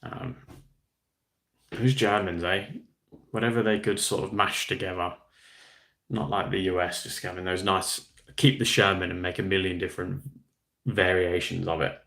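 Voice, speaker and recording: Male streamer, casual and self-deprecating, deep voice with noticeable vocal fry. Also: level tone, normal speed, long pauses, bright, forceful tone. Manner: rambling, chatty, self-deprecating. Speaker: livestream host. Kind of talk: casual live-stream chat, reading viewer comments.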